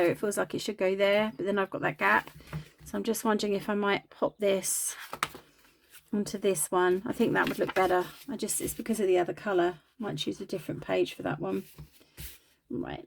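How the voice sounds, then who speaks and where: A woman's voice: mid-range voice, gravelly, slight background noise. A woman chatting casually while crafting, self-deprecating and talking as she works. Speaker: craft video host.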